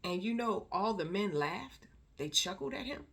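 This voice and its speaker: A woman talks straight to camera in a casual vlog, pressing her points hard and repeating words for weight. Her voice is bright and forceful, with a mid-range pitch. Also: animated, normal speed, breathy edge. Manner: emphatic, repeats words for stress. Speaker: vlogger.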